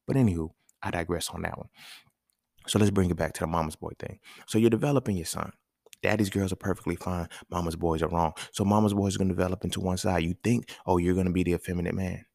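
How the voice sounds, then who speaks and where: A podcast host with a deep, creaky, slightly mellow voice talks at a quick pace. He gives a casual, emphatic monologue full of slang and swearing, often asking listeners questions. It's studio quality with no room sound.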